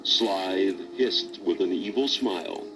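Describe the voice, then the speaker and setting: Low-voiced man narrating a storybook record. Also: takes it slowly, noisy background. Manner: dramatic read-aloud storytelling.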